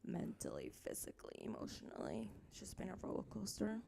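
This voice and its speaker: A young woman co-hosts a podcast in loose, playful chat, joking and laughing often. Her voice has a gravelly, creaky edge. A faint hiss sits under the recording. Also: rumbling low, wildly swooping pitch, fairly quick, dark tone. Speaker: podcast co-host. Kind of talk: casual chat.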